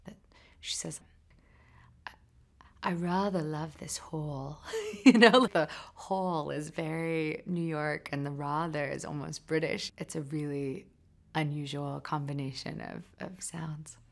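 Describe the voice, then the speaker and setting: A woman on a film crew gives a promotional interview soundbite, speaking thoughtfully and haltingly with restarts. Her voice sits low and is creaky, with fairly even intonation.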